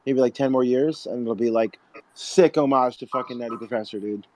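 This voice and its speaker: A man chatting as a podcast guest, animated and laughing, swearing freely. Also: medium pitch, a little fast. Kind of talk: casual podcast chat.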